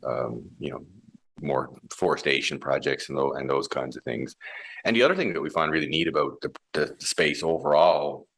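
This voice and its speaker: A man's voice: rumbling low, moderate pace, a bit bright. A man who heads a mining company, explaining his ideas in a thoughtful interview with many restarts and fillers. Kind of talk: conversational interview.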